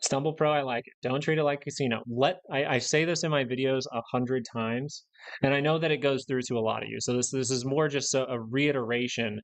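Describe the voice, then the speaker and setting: A man's voice: mid-range voice, fairly even intonation, brisk. Blunt ranting man hosting a market stream. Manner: blunt, ranting, repeats himself for emphasis. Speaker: stock market livestream host. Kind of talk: live market commentary.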